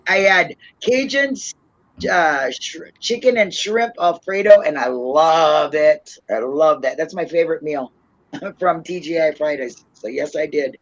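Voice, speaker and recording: A woman's voice: low-pitched, unhurried, dry recording, highs cut off. A woman hosting a casual livestream chat, tipsy from wine, rambling and laughing often. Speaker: livestream host.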